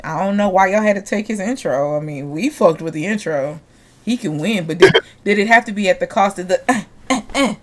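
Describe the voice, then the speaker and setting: A woman hosts a loose podcast conversation over a video call. She teases her guest, jokes and swears freely, and her pitch sits in a middle range for a woman. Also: fairly quick. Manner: profane, joking, teasing. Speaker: podcast host. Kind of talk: casual podcast chat.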